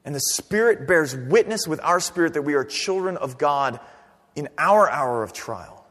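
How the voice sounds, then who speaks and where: High-voiced man preaching in a reverberant hall. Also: normal speed. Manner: animated preaching, rising to near-shouts then dropping low. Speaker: pastor. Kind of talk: sermon. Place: church sanctuary. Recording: long reverb of a church hall.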